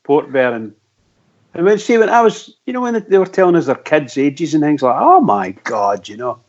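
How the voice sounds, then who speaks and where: A Scottish man co-hosting a radio phone-in, chatting slowly and chuckling at the banter. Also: a little high, animated, a little mellow. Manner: chuckling, slow and drawn out. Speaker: co-host. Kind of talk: casual radio phone-in chat. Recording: dull lo-fi call audio.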